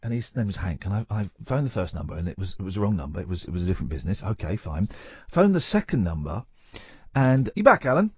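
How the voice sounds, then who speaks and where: A male radio host chatting and teasing his co-host, meandering from one story to the next. His voice is a little husky and swings up and down with plenty of life. The sound is dry and close, straight off a studio microphone. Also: deep voice, big pitch swings, fast talker, dry recording. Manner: rambling, playful and teasing. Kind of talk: late-night radio banter.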